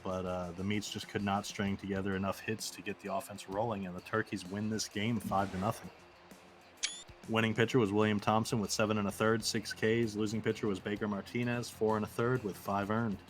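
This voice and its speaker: A man calling a baseball game stream, giving a steady recap of the game's statistics. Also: fairly low pitch, brisk, soft background music. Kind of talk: sports recap commentary.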